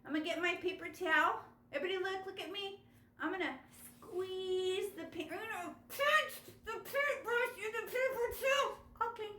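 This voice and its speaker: A woman teaching children a step-by-step painting lesson over a video call, animated and coaxing. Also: very high-pitched, normal speed, reverberant, a little hiss or hum. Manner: animated, gasping with delight, coaxing young kids. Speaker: art teacher.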